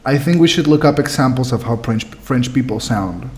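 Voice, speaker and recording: A man's voice: mid-range voice, animated, normal speed, darkish tone. Playful man streaming a game. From South America. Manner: playful, laughs often, reads game text aloud. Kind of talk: casual game stream commentary.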